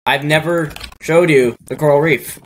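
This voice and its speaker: A man's voice: on the high side, fairly even intonation, moderate pace, slight background noise, low-quality recording. A man hosting a let's play, chatting casually and thinking aloud as he builds. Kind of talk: casual gameplay chat.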